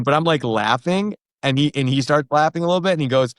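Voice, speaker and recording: A comedian in his thirties telling a story in a casual interview, animated, acting out the other people in it. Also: mid-range voice, quick pace, hardly any pauses, clean tone, no echo, studio quality. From New York and Pennsylvania. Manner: animated, acts out quoted voices. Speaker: comedian guest.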